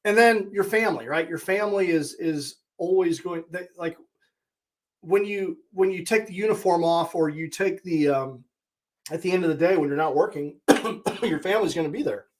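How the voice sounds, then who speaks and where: Host, male, 40s, a touch higher-pitched, candid and blunt, reflective solo monologue. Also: moderate pace. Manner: candid and plainspoken, with blunt mild swearing. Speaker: podcast host and high performance coach.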